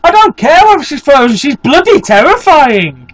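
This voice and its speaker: A man hosting a game playthrough, excitable and sweary, with mock-scared outbursts. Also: extremely high pitch, normal speed, rough recording. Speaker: let's play host. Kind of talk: gaming commentary.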